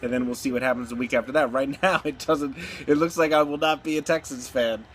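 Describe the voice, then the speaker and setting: A middle-aged man ranting casually about football, animated, exclaiming and laughing as he talks. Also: mid-range voice, a little fast, slight background noise. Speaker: sports betting vlogger. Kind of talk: casual sports rant.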